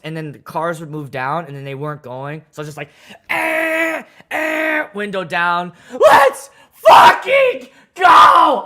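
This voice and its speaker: Animated, profane male DJ storyteller. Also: a little high. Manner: animated, profane, dramatic retelling. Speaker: wedding DJ. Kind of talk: casual livestream storytelling.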